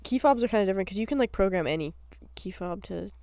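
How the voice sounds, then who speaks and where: A woman's voice: medium pitch, expressive, fast, dark tone, no echo. A woman co-hosting a podcast in casual chat, giggly and full of fillers. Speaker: podcast co-host. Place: cabin.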